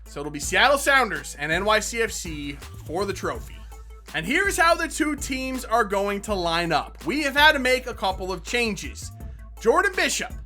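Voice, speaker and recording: Animated, bright-voiced man commentating gameplay. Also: sits high, moderate pace, soft background music. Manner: excitable, shouts at goals and bad calls; frustrated muttering between outbursts. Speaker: gaming YouTuber.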